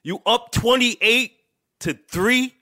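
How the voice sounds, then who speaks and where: A man's voice: extremely high pitch, takes it slowly, sharp tone. A man co-hosting a podcast, trash-talking sports with lots of profanity. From New York. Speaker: podcast co-host. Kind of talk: casual sports chat.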